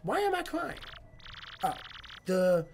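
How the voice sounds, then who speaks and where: A woman's voice: mid-range voice, very animated, takes it slowly, a little mellow, a little hiss or hum. A woman reading the lines of a distressed village shopkeeper whose husband was cursed, from a video game. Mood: distraught. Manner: reading game dialogue aloud. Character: upset village shopkeeper wife.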